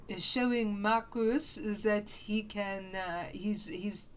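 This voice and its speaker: A woman's voice: medium pitch, a little hiss or hum, lightly acted. A woman doing a mock-French art snob. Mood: mock-pompous. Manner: halting, full of ums and uhs, grandiose. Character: pompous woman art critic, pretentious.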